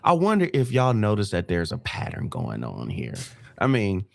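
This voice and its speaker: A man who is a guest on a casual gaming podcast, talking with playful, deadpan sarcasm. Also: on the low side, normal speed, creaky, no room sound.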